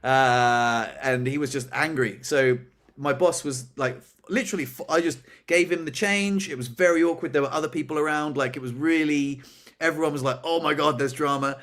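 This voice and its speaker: A young man co-hosting a podcast, telling a story in a casual, animated way, pitching up when he acts out dramatic moments. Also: normal speed. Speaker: podcast co-host.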